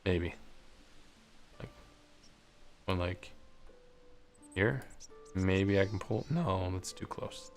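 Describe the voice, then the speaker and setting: A man casually commenting while he plays a game, muttering to himself and swearing freely when something excites him. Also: fairly low pitch, slow, pauses often. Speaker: gameplay streamer. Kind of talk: casual let's play commentary. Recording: faint music behind.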